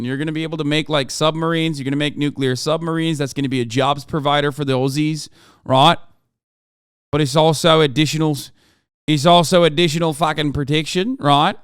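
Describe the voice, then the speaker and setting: Excitable, profane man reacting to news. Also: on the high side, brisk, clean tone, no room sound, clean studio sound. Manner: profane, excitable, laughing asides. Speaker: streamer host reacting to news. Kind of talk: casual live-stream reaction commentary.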